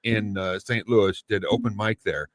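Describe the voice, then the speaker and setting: A man's voice: fairly low pitch, fairly even intonation, measured pace, no room sound. A man in his fifties from the US Midwest, co-hosting a podcast and telling a rambling story in casual chat. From Missouri. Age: 50s. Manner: rambling storyteller, frequent fillers. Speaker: podcast co-host.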